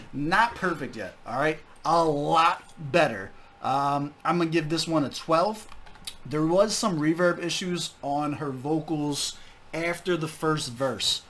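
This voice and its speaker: A young man talks through his score for a track in a casual, candid way, swearing freely and gushing with enthusiasm. His voice sits a little high for a man. A faint hiss runs under the desk mic. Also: a bit bright. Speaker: music reaction host. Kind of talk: casual music review. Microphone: desk microphone.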